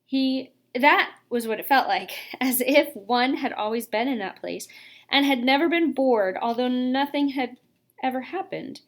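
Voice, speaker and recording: A woman reads a children's story aloud with a fairly high voice. She narrates steadily and lifts her pitch when the characters speak. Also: measured pace. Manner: lively, reads dialogue with raised pitch. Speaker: audiobook reader.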